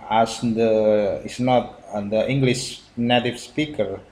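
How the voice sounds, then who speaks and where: A man with an Indonesian accent hosts a casual reaction video in halting non-native English, often restarting his sentences. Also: mid-range voice, a little mellow. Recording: roomy echo.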